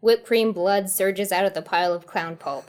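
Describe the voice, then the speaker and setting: A woman's voice: mid-range voice, moderate pace, darkish tone, smooth. A woman hosting and reading a choose-your-path horror comedy tale aloud, who often breaks into giggles as she reads. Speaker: storyteller host.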